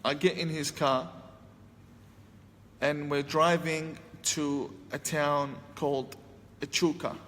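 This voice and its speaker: A man's voice: fairly high pitch, fairly even intonation, slow pace, long pauses, a bit bright. A man telling a personal story to an audience, acting out his own past lines with a sharply raised voice. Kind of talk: storytelling talk. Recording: long hall reverb, faint ambient noise.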